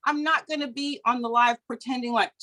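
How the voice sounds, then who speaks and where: A middle-aged woman giving a motivational coaching talk over a video call, chatty and lively. She laughs often and acts out anecdotes in quoted voices. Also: on the high side, fairly quick. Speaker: business coach.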